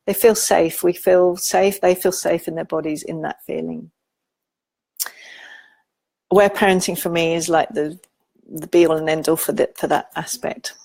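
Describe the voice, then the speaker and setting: A woman giving a gentle, informal talk on parenting, teaching with soft asides and quoted examples. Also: on the low side, steady tone, moderate pace, creaky, pauses often, no echo. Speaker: parenting educator.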